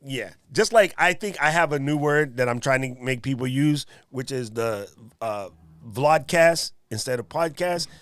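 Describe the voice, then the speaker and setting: Male livestream host, playful banter, dry close sound, mid pitch. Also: animated, unhurried, a bit bright, no room sound. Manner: joking, playful banter with chat. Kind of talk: casual livestream chat.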